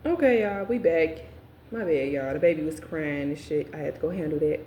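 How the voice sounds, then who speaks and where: A woman's voice: sits low, fairly quick, highs cut off, a little hiss or hum. A young adult woman telling a casual storytime vlog, swearing freely and addressing her viewers directly. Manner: profane, animated, talks straight to viewers. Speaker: storyteller vlogger. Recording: roomy echo.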